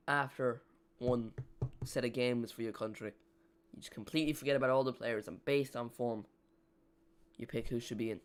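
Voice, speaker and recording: A man's voice: mid-range voice, clean tone. Chatty man hosting a watch-along. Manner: chatty, self-mocking, dry jokes. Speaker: live watch-along host. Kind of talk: casual live match commentary.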